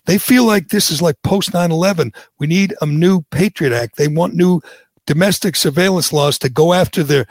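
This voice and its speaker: A man with a gravelly, slightly high voice hosts a talk radio show. He talks bluntly and heatedly, circling back over his points. The sound is dry and close. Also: normal speed, no room sound. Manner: blunt, heated, repeats himself. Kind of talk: opinionated talk radio chat.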